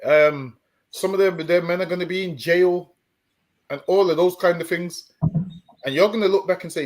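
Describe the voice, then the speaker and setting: A man with a high voice lectures his listeners on a stream. He talks in a preachy way, stumbles over repeated words and keeps coming back to "listen, man.". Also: normal speed. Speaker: street preacher co-host. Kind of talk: stream discussion.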